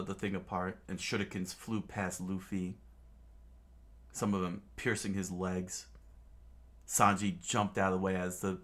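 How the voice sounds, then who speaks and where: A man reading a manga story aloud in a casual, halting way, with frequent fillers and restarts. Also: low voice. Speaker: reader.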